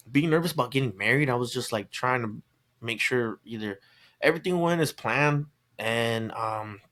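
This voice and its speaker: A man's voice: medium pitch, fairly bright tone. A young adult man telling a long, rambling wedding story as a podcast guest, acting out quotes and laughing often. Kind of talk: casual storytelling chat.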